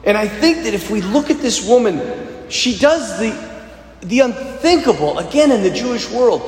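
Lively male pastor, high voice, echoing hall. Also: moderate pace, a little hiss or hum. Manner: animated, conversational, addresses crowd as you guys. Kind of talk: sermon. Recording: echoey hall reverb.

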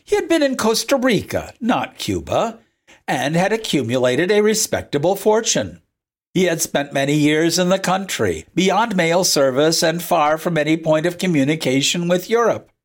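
A regular narrator of a show, giving a slow, expressive reading of a classic tale. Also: mid-range voice. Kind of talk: storybook reading.

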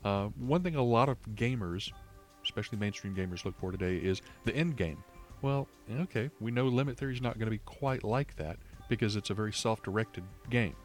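Low-voiced man musing on a podcast. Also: lively intonation, fairly quick, faint music behind. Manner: thoughtful, rambling with restarts. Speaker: podcast co-host. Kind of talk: casual chat. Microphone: online call.

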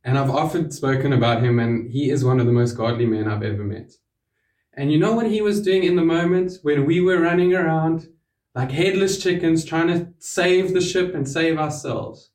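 Preacher, male, slightly high voice, earnest, hushed drops, roomy distant sound. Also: normal speed. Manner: earnest, with sudden drops to a hush on key words. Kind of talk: sermon. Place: church hall.

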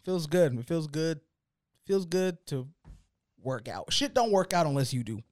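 A man's voice: on the high side, expressive, a little slow, a little mellow, dry recording, studio quality. A man co-hosting a podcast in casual chat, laid-back and slangy, often calling his friends "man". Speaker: podcast co-host.

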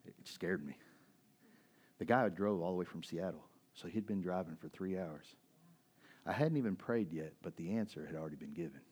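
A man in his forties preaches from the pulpit, his voice sitting on the low side. He tells a personal story loosely and casually, full of "you know" and "right?", and often starts a sentence over. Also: normal speed, darkish tone, breathy edge. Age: 40s. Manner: storytelling, conversational, many fillers and restarts. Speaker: pastor. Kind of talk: sermon with personal testimony.

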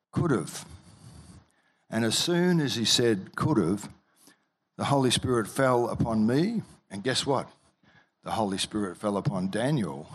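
A man preaching from the pulpit, his voice sitting a little higher than most men's. He tells his story with plenty of restarts and "uh"s, then lifts and gets louder at the exciting parts. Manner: storytelling with many restarts and filler words; lively, rises in pitch and volume when excited. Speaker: pastor. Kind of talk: sermon.

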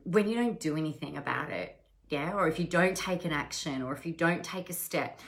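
A woman's voice: fairly low pitch, a bit bright. A woman business coach talking casually on a live stream, frank and swearing freely, with many restarts.

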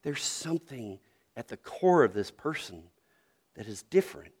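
A man's voice: mid-range voice, very animated, moderate pace, a little mellow, breathy edge. A middle-aged man from North Carolina, a pastor preaching a sermon with storytelling and earnest questions.

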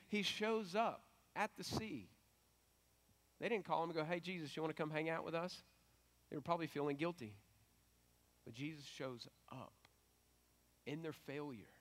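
Animated man preaching a casual sermon. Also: on the high side. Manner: conversational, animated preaching with rising emphasis. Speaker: pastor.

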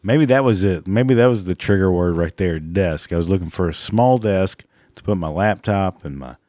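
A man's voice: sits low, moderate pace, warm tone, dry recording, clean studio sound. A man delivering a crude, exasperated comedic rant, laughing at his own jokes, his voice cracking. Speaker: comedic ranter.

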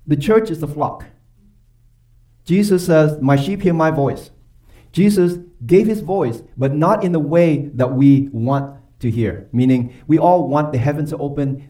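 A man preaching a sermon with emphatic, questioning delivery, his voice sitting a little high. He is picked up from a distance, so he sounds set back from the mic in the church. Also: lively intonation, normal speed, dark tone. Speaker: pastor. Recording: voice from far off the mic.

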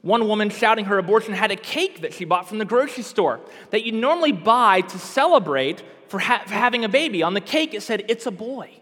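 A man's voice: high-pitched, animated, brisk, hardly any pauses, a bit bright, big-room sound. A man preaching a sermon with impassioned, emphatic delivery that rises to outbursts.

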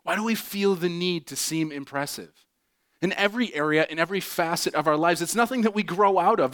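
A man in his thirties, a pastor preaching a sermon and telling a funny personal story with lots of fillers. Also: on the high side. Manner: animated, self-mocking storyteller with many fillers.

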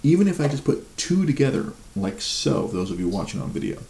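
A livestream show host chats casually, rambling with frequent laughs and stammered repeats. His mid-range voice is gravelly and warm, with a brisk, sing-song delivery. The room gives an echo, and faint noise sits underneath.

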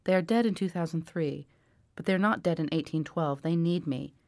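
A woman's voice: lowish voice, moderate pace, vocal fry, darkish tone, no echo, clean studio sound. A woman reading the lines of a proud, wounded young male aristocrat soldier in a haughty, commanding tone. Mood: insistent.

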